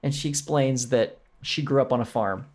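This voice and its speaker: A man's voice: medium pitch, normal speed. A man co-hosting a podcast, casually retelling a show with lots of laughter and jokes. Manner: laughs often while recounting, animated and joking. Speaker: podcast co-host. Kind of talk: casual storytelling chat.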